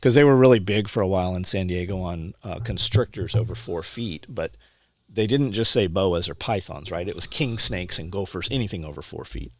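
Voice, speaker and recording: Low-voiced man telling profane stories. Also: fairly quick, no room sound. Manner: profane, animated, acts out quoted dialogue. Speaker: podcast guest telling war stories. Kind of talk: casual storytelling conversation.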